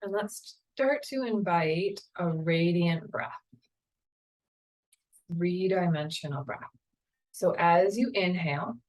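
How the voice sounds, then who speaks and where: A woman yoga teacher leading a guided meditation in a slow, calm, soothing way. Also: on the low side, rough recording. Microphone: camera mic, seated on a chair.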